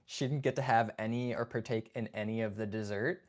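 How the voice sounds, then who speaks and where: A man's voice: fairly low pitch, normal speed. A man co-hosting a homestead livestream, talking casually with frequent fillers and restarts. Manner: relaxed, hesitant, many fillers and restarts. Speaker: homestead channel co-host.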